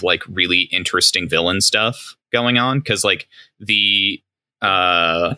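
A man enthusing in a casual podcast chat, pausing often to gather his thoughts. His very deep voice has a strikingly sharp, tense brightness, recorded dry and close. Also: smooth, no echo, low-quality recording. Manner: enthusiastic, with "um" pauses.

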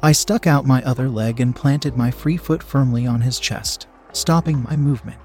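A man narrating a story in a steady, even reading voice. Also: medium pitch, normal speed, faint music behind. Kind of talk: audiobook-style story reading.

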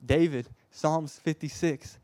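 A man preaching a sermon with passion, moving between hushed tender passages and loud emphatic ones, often stammering and repeating words as he presses his points. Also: fairly high pitch, steady tone, slow pace, dry recording.

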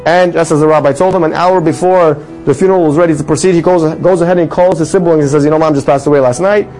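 A man telling a religious story with a moral in an animated sermon style, his voice rising for the dramatic lines. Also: a little high, quick pace, soft background music, poor audio. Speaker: storyteller teaching a religious lesson.

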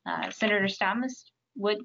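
A woman's voice: medium pitch, normal speed, gravelly, fairly bright tone. A woman hosting an interview, asking questions in a friendly, direct way. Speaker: interview host. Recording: dull lo-fi sound with faint noise.

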